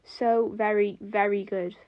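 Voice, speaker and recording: A woman reading a piece of fan fiction aloud, lifting her pitch a little for the characters' quotes. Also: fairly even intonation, unhurried, lo-fi sound. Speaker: fanfiction reader.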